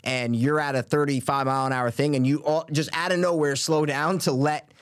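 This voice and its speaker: A man co-hosting a casual chat, telling stories with lively quoted voices and plenty of swearing. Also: on the high side, brisk, no room sound, clean studio sound. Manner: animated storyteller, swears freely, acts out quoted voices.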